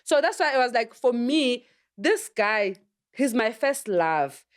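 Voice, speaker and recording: A woman's voice: on the high side, sing-song, takes it slowly. A South African woman, a podcast guest, telling a personal story in earnest, slipping between English and Sesotho. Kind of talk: casual podcast conversation. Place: podcast studio.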